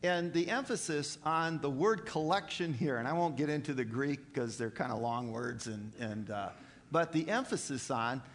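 Male pastor, halting sermon delivery, slightly raised pitch, long church reverb. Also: fairly bright tone. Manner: halting, with many fillers and restarts.

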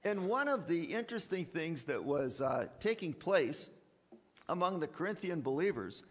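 A man preaching a sermon in a church, animated, often repeating words and slipping into sarcastic asides. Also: on the high side, normal speed, long reverb tail. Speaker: preacher and college teacher.

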